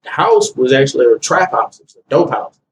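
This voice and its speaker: A young man casually telling a personal story, acting out what people said with a raised, animated voice. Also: medium pitch, a little fast. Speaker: guest telling his story. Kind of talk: casual conversation. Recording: distant mic with faint ambient noise.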